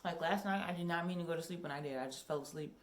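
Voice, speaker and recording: Chatty low-voiced young woman vlogging. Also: racing, roomy sound, slight background noise. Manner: chatty, rambling, with many ums. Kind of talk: casual vlog chat. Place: home workout room.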